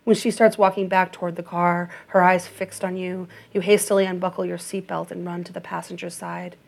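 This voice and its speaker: A woman reading an audiobook in a measured, even narration. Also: lowish voice, vocal fry.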